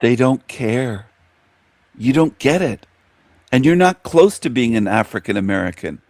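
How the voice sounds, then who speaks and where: A man's voice: medium pitch, lively intonation, a little slow, darkish tone, no room sound. A man hosting a reaction commentary, mocking and confronting the video he is watching. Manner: mocking, confrontational, talks back at the clip.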